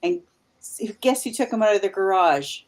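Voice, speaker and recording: A woman's voice: mid-range voice, sing-song, normal speed, vocal fry. A Canadian woman in her fifties, a paranormal investigator guest, telling stories in a rambling, casual way with many restarts. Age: 50s. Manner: rambling, full of restarts and asides. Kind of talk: casual chat.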